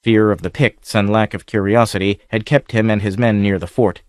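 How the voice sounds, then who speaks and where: A man reading an adventure novel aloud in steady, measured scripted narration. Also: fairly low pitch, no room sound. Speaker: audiobook narrator.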